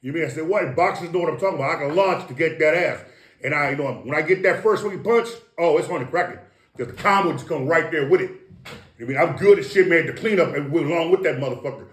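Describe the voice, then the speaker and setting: A middle-aged Samoan American man, guest in a casual interview, tells boastful, profane stories with animated energy. His voice is fairly high and fast, heard in an echoey room.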